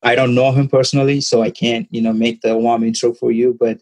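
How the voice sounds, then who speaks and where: A man whose first language is Tamil, a podcast guest talking casually and haltingly, with lots of fillers. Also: medium pitch, rough recording. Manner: relaxed, halting, many fillers. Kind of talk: casual interview talk.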